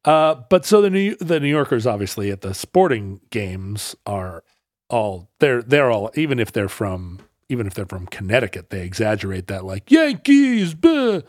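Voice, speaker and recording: A middle-aged man from the Seattle area telling casual anecdotes, sometimes acting out loud brash characters. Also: lowish voice, normal speed, dry recording, clean studio sound. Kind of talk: casual storytelling chat.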